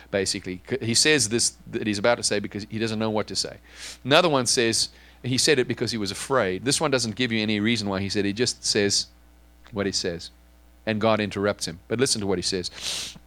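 A man preaching a sermon in an animated, emphatic way, often repeating words as he restarts. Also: mid-range voice, no echo. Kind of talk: sermon teaching.

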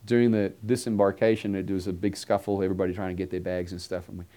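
A man preaching a sermon, earnestly telling a story and acting out the dialogue, sometimes dropping to a hushed tone. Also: low-pitched, little pitch movement, fast.

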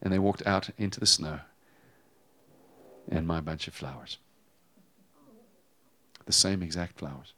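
A man preaching a sermon, telling a personal story with animated swings between loud emphasis and hushed tones. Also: sits low, a little slow, pauses often. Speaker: pastor.

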